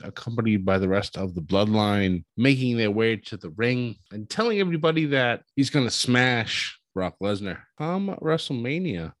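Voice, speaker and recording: Lively, animated man recapping a show. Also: medium pitch, no echo. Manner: animated storytelling, chuckles often, acts out quotes. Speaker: wrestling show recap host. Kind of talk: casual recap commentary.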